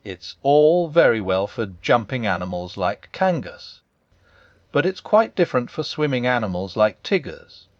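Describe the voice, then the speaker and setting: A man's voice: medium pitch, big pitch swings, measured pace, no room sound, dull audio. A man voicing a bouncy, boastful male tiger who talks nervously.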